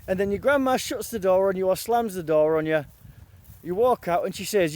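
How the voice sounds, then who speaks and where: A man's voice: high-pitched, lively intonation, moderate pace, a little mellow. A man from northern England in a rambling, profane confessional monologue, jumping between quotes and outbursts. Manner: raw, profane, jumps between quotes and rants.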